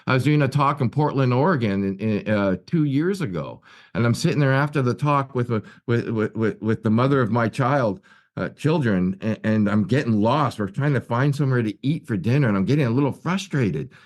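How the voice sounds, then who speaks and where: A man's voice: medium pitch, lively intonation, fairly quick. A man giving an earnest personal recovery share at a meeting, telling stories with many restarts and repeated words. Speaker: guest speaker at a recovery meeting. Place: his office at work.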